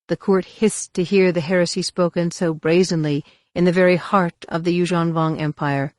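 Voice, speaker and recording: A woman's voice: fairly low pitch, steady tone, moderate pace, hardly any pauses, a little mellow, no echo, clean studio sound. A woman narrating a science-fiction audiobook dramatically, voicing the characters. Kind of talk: scripted narration.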